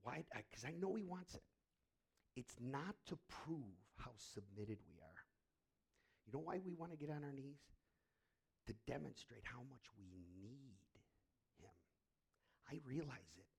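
A middle-aged male pastor preaching and praying, swinging from hushed whispers to loud emphatic bursts. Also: medium pitch, sing-song, normal speed, gravelly, breathy edge. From Irish heritage. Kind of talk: sermon and prayer.

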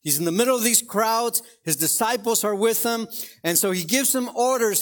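A man with a high-pitched voice preaches a sermon to a congregation. He talks in a loose, conversational way, telling everyday stories and checking in with his listeners. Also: normal speed. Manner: conversational, anecdotal, asks the congregation "right?". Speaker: pastor. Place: church in front of a congregation.

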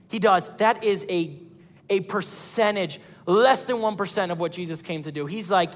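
A man preaching a sermon as pastor of a church, animated, acting out quoted voices. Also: high voice, normal speed, long reverb tail.

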